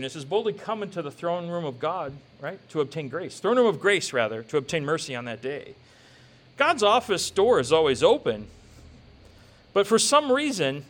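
Male pastor, casual joking sermon delivery, high animated voice. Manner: conversational, joking preaching with quoted asides.

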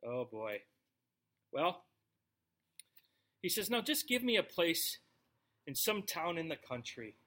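This pastor's voice is on the high side and sing-song, pushed and bright, slow with frequent pauses. He teaches a Bible passage conversationally, joking with the congregation between verses.

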